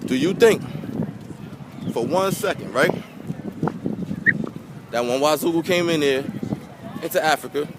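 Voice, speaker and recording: A man's voice: a little high, measured pace, pauses often. A man giving an impassioned, emotional monologue to camera outdoors by a pier, preachy and repetitive, swearing and calling his viewers family. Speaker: vlogger. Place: outdoors by a pier near water. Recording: outdoor wind and water noise.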